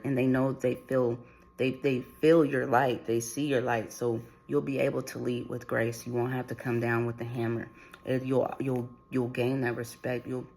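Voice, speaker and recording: With slight background noise behind him, a man in a creaky, darkish, medium-pitched voice channels a spiritual reading. His loose delivery circles back repeatedly, riddled with restarts and fillers.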